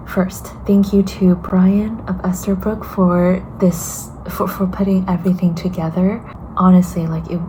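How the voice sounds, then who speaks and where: A woman vlogging in a casual, soft half-whisper, tired and a little hoarse, thanking viewers and friends. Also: on the low side, a little hiss or hum, rough recording. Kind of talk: casual vlog talk to camera.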